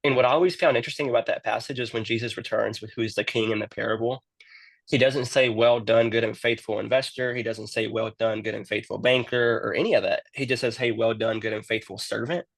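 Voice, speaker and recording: Earnest man with a gravelly voice. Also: mid-range voice, fairly even intonation, fast, dry recording. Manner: earnest, repeats words when starting sentences. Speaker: youth minister and guest. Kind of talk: casual storytelling interview.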